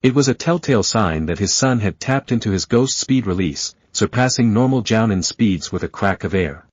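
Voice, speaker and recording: A man narrating a fan fiction story in a steady storytelling manner. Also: lowish voice, normal speed, no echo. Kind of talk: reading fan fiction aloud. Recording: dull lo-fi, dry close sound.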